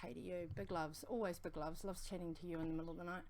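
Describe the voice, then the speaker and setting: Fast-talking New Zealand woman host. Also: on the low side, fairly even intonation, a little hiss or hum. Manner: fast, rambling, affectionate shout-outs. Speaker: co-host of a vaping livestream. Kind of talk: casual livestream chat.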